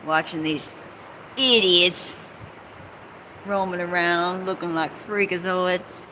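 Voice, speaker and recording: Sarcastic lady vlogging from her couch, rambles and swears, slow easy talk, bright clear voice, faint room hum. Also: lowish voice, fairly even intonation. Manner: sarcastic, swears, mocks people in put-on quotes, laughs often; jumps between topics. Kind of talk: rambling casual chat. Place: home, on couch or bed.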